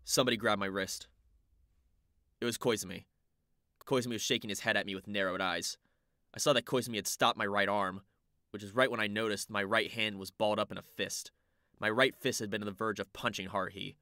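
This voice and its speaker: A man's voice: fairly low pitch, steady tone, a little fast, bright, forceful tone, no echo, studio quality. Wry man narrating an audiobook.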